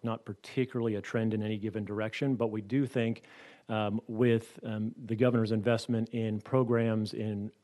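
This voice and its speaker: A man, a state corrections official, giving measured committee testimony full of statistics and frequent fillers. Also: on the low side, a little mellow.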